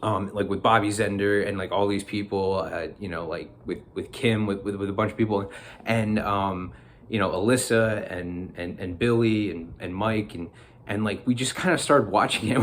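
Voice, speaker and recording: Man vlogger, fairly low voice, rambly and excitable, laughs a lot, casual chat to camera. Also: normal speed, slight background noise. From New Jersey, US.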